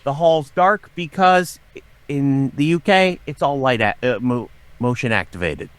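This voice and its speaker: A middle-aged man, a podcast guest, telling a story with lots of swearing and dramatic acted-out shouting. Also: medium pitch, measured pace, smooth, no room sound. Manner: profane, dramatic, acts out his own shouting. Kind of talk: animated storytelling.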